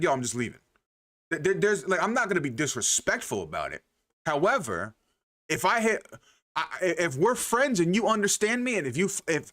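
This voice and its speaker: A man riffs on his livestream in a loose, profane ramble, laughing as he goes. His slightly high, bright voice swoops up and down with big animated swings. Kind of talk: casual livestream chat.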